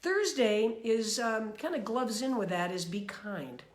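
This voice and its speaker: A woman from New York giving a casual motivational talk about her weekly mantras, chatty and animated, with many fillers and restarts. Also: a little high, unhurried, roomy sound. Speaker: speaker sharing personal mantras.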